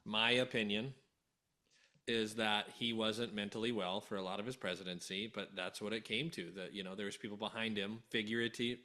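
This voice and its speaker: A man's voice: fairly low pitch, fairly even intonation, brisk, few pauses, pushed and bright. A man co-hosting a podcast, talking in a loose, rambling way and often checking in with "right?". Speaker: podcast co-host. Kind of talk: casual unfiltered chat.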